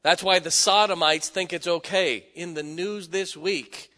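A man's voice: high-pitched, steady tone, unhurried, hardly any pauses, pushed and bright. A middle-aged man preaching a sermon, joking and folksy, with sudden emphatic rising bursts. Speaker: pastor. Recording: long hall reverb.

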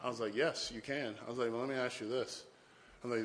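A man's voice: mid-range voice, steady tone, fast, echoey room, slight background noise, poor audio. A man preaching a sermon, telling stories and often repeating "boy" and "can I tell you this". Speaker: pastor.

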